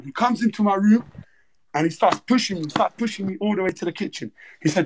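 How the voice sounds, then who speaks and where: A man hosting a livestream, retelling events in fast, slangy, repetitive chat. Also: sits high, breathy edge. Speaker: livestream host. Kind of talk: animated storytelling on a livestream.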